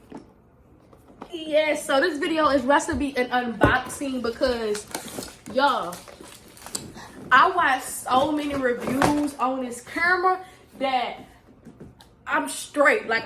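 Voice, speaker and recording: Young woman, bubbly unboxing vlogger who keeps saying "y'all"; slightly high voice, roomy echo. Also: slight background noise. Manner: gushing, excitable, talks straight to viewers with "y'all". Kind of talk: casual unboxing vlog.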